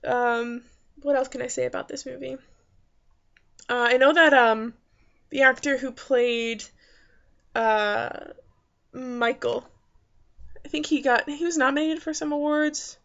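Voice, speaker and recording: Chatty woman with a gravelly edge. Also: high-pitched, fairly even intonation, a little slow, long pauses, fairly bright tone, highs cut off. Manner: rambling, many fillers and restarts. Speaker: movie reviewer. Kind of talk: casual spoken movie review. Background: faint background noises.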